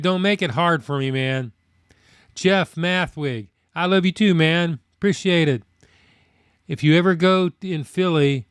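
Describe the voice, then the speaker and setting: A man chats with his live-stream viewers, rambling through fast-food gripes in a folksy, unhurried way. His middle-aged voice sits slightly high and sounds smooth and resonant. The recording is dry and close, with no room sound. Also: no echo. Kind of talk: casual live-stream chat reading viewer comments.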